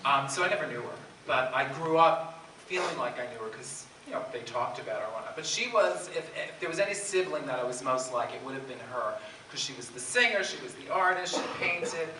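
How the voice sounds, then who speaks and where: A man in his fifties with a Bronx accent, a drag performer telling comic stories on a convention panel, animated and laughing often. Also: medium pitch, a little fast. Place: large convention hall. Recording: echoey hall from far off, background noise.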